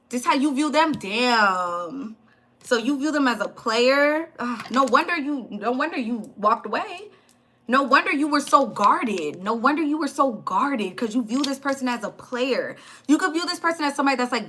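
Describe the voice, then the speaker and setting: Bright, chatty woman reading tarot. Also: on the high side. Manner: blunt, chatty, swears and laughs often. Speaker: tarot reader. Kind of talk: casual tarot reading to camera.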